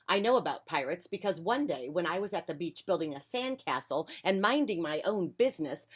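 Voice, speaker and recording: A woman reading a children's picture book aloud on a porch, with a gentle, friendly delivery. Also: fairly low pitch, slightly rough. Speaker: children's storyteller.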